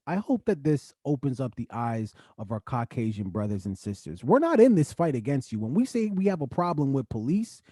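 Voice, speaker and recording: A man co-hosting a casual podcast, talking in an animated way and rising into excited outbursts. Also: medium pitch, dry recording, studio quality. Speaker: podcast co-host.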